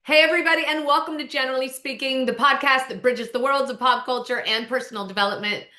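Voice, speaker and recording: A woman's voice: high-pitched, fairly even intonation, quick pace, pushed and bright, echoey room. A woman in her forties hosting a podcast, chatting casually and emotionally with her listeners. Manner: chatty, emotional, keeps saying "you guys". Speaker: podcast host. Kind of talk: casual chat.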